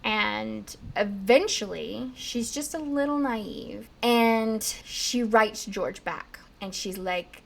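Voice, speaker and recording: A young woman with a slightly high, gravelly voice talks slowly yet with hardly any pauses, casually telling a history story on a podcast. Chatty and full of "like," she acts out quotes with lively flair.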